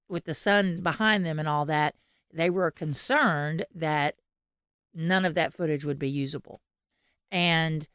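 Chatty woman with a smooth low voice. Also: a bit bright, no room sound, clean studio sound. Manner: rambling, laughs often, many restarts. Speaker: podcast co-host. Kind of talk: casual chat.

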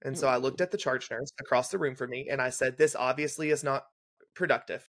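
A young man at a middle pitch recounts a hospital shift in close detail. He talks in a brisk, casual storyteller's way and acts out each line of dialogue. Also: fairly even intonation, a bit bright. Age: young adult. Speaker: guest, legal nurse consultant. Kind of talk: casual storytelling in a podcast interview.

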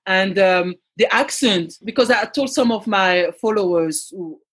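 A man's voice: high-pitched, a little slow, a bit bright, slightly rough. A man from France with a French accent, a comedian guest talking bluntly and mockingly in a casual interview.

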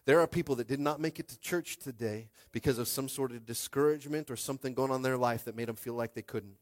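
A man preaching a sermon as pastor, animated, swinging from hushed confiding to shouting and acting out little scenes. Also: mid-range voice, quick pace.

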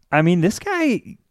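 A man's voice: high-pitched, dry recording, studio quality. A man co-hosting a podcast in casual chat, eager and laughing, chiming in with bits of trivia. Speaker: podcast co-host.

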